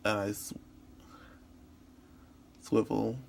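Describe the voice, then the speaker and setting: A man voices a signed story into spoken English as interpreting practice, telling it in the first person. His voice is gravelly with vocal fry. His delivery is halting, full of restarts and repeated words. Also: on the low side, monotone, a little mellow, a little hiss or hum. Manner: halting, with frequent restarts and repetitions.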